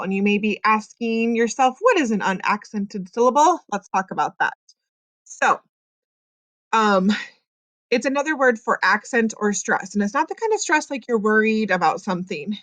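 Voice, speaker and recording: A woman teaches phonics in a patient, step-by-step way, stretching out sounds as she models them. Her voice sits at an ordinary middle pitch and is recorded dry and close, with no room sound around it. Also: fairly bright tone, no echo. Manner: patient, explains step by step, sounds out words slowly. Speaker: reading teacher. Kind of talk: classroom phonics lesson.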